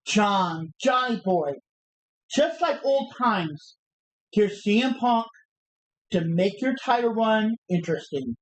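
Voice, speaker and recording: A woman's voice: medium pitch, lively intonation, slow pace, rough recording. A woman re-enacting a brash male pro wrestler's defiant promo on a livestream, taunting and cocky, tripping over the words as she recites them.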